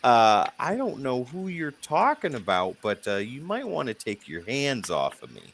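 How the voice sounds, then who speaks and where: A man's voice: medium pitch, huge pitch swings, normal speed, a bit bright, slight background noise, pitched above the performer's own voice. A man voicing a smug raider who feigns innocent shock in a cocky, mocking way.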